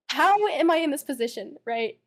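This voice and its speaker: Tearful young woman, high halting voice. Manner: halting, repeats words, apologetic. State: tearful, upset. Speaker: interviewee, witness. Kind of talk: emotional interview.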